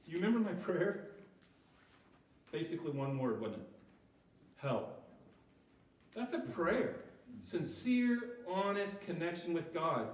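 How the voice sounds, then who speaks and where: A man's voice: on the high side, sing-song, slow pace, pauses often. A man giving an informal sermon at a church recovery group, talking conversationally and often checking in with his listeners. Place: church hall. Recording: echoey church hall, mic far off.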